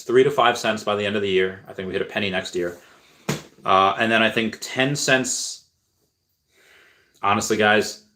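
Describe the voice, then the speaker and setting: Here's a man with a fairly low voice chatting casually on a livestream. He rambles and repeats himself as he answers viewer questions, stumbling through restarts and filler words. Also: fairly bright tone. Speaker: crypto streamer answering viewer chat.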